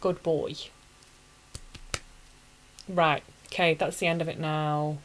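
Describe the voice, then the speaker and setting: A low-pitched woman recapping a show in a casual, gushing way, dramatic about the sad parts. Her voice sits deep for a woman. A faint hiss of noise runs under it. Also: level tone, slow, low-quality recording. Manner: gushing, emotional fan with dramatic asides. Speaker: anime reviewer. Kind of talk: casual retelling.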